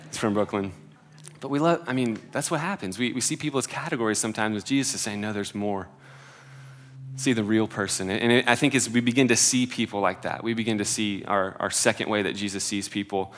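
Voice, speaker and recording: A man's voice: medium pitch, fairly quick, a bit bright. A man in his twenties preaching a sermon in a casual, conversational way, with many filler "like"s and self-deprecating humor. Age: 20s.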